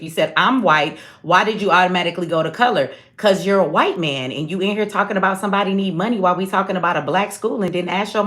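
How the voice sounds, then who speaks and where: A woman's voice: lowish voice, a bit bright. A woman hosting a casual livestream, blunt, sarcastic and profane, talking straight to her chat. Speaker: livestream host.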